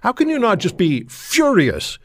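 A man's voice: sits high, huge pitch swings, a little slow, vocal fry, no room sound, clean studio sound. A man hosting a phone-in radio talk show, speaking in an indignant, emphatic, rhetorical way.

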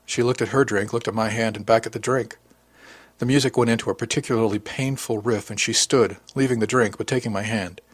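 Guy narrating an audiobook, low husky voice, dry close studio sound. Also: steady tone, a little fast, no echo. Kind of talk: scripted first-person narration.

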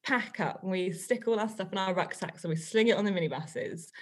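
A woman, a guest on a podcast, telling a story in a chatty, animated way and laughing often. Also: mid-range voice, a little fast. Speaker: guest author and teacher.

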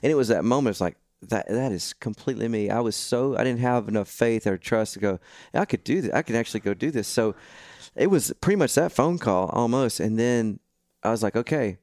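A man's voice: medium pitch, expressive, brisk, darkish tone, dry recording, studio quality. A man telling a long story in casual podcast chat, acting out the voices of people he quotes. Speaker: guest musician.

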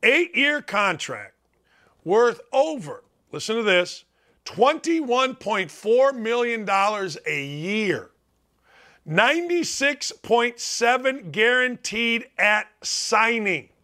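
A man's voice: extremely high pitch, very animated, slow, pushed and bright. A middle-aged man hosting a sports talk show, delivering a blunt, emphatic, sarcastic monologue. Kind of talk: opinionated monologue.

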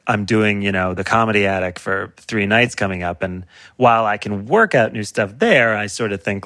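A man appearing as a comedian guest in casual chat, animated, laughing often and breaking off his own sentences. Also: on the low side, moderate pace, no room sound.

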